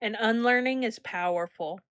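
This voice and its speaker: A woman's voice: fairly high pitch, moderate pace, a bit bright, smooth, dry recording, clean studio sound. A woman co-hosting a podcast in casual chat, dropping short, teasing remarks and laughing along. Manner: brief, teasing interjections with laughter.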